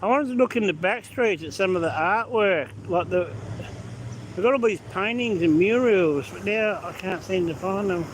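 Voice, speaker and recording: A man's voice: sits high, normal speed, poor audio. Chatty man on a street walk. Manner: chatty, answers viewer comments as he walks. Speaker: vlogger. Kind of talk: casual live-stream walking commentary. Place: outdoors on city streets. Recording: street noise behind phone audio. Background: traffic and street noise.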